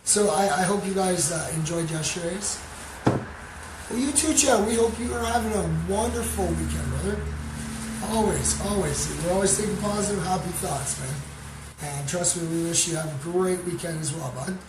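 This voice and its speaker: A man from Canada hosting a livestream, chatting casually and giving shout-outs to viewers, rambling with many fillers. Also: high-pitched, moderate pace. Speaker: livestream host. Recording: roomy sound with background noise.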